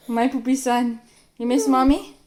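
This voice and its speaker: A young woman filming her baby at home, coaxing him in a sing-song voice. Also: sits high. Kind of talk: home video baby talk.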